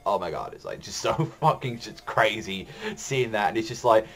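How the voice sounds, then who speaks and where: A man with a fairly low voice talks through a manga chapter in a loose, excited ramble. He leans on fillers and swears freely as he recaps. Faint music runs quietly behind him. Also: normal speed, few pauses. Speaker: anime and manga reviewer. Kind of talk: casual chapter review.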